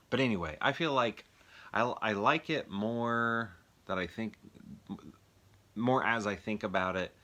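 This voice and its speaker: A man's voice: low voice, sharp tone. An American man chatting casually on his own, rambling and thinking aloud while asking the viewers questions. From United States. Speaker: movie collector reviewing films. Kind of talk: casual solo video chat.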